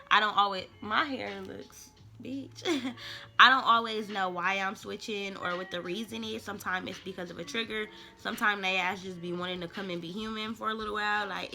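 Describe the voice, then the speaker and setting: A woman's voice: medium pitch, sharp tone. A young woman, a tarot reader, chatting casually and loosely to her viewers in slangy, rambling talk. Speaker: tarot reader and spiritual vlogger. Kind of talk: casual rambling smoke-session chat.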